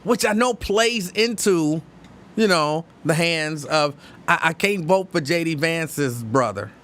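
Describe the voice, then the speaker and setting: A man from hosting a live-stream show, chatting casually and reading viewer comments, opinionated and halting, with many restarts. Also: on the high side, expressive, fairly bright tone. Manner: conversational, opinionated, halting with frequent restarts and fillers.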